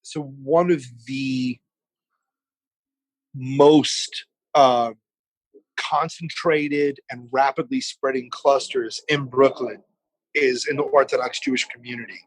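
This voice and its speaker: A man's voice: medium pitch, fairly even intonation, slow pace, pauses often, no echo, rough recording. A man in his forties, a guest on a remote podcast, chatting animatedly and swearing freely. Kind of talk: casual chat. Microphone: remote call setup.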